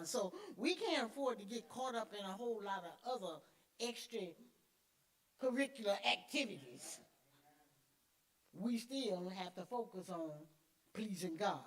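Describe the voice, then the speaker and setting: A middle-aged woman teaching a church Sunday school class, emphatic and conversational, repeating key words and answering herself with little affirmations. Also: medium pitch. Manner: conversational with call-and-response fillers.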